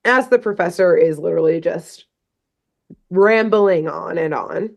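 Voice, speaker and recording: Woman recapping a cartoon, animated. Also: on the low side, a little slow, creaky. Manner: animated storytelling with playful quoted voices. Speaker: podcast co-host. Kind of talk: casual chat recapping a cartoon.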